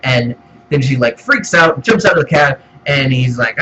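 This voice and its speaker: A man's voice: medium pitch, a little fast, bright, forceful tone, slight background noise. Exasperated man ranting in a lo-fi recording. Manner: exasperated, swears often, mock quotes. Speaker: movie reviewer. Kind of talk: profane ranting film review.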